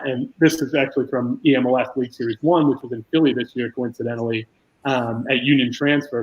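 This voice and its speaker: Flat-voiced man telling a career story. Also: medium pitch, muffled recording. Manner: casual, self-deprecating storytelling with many restarts. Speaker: esports business founder.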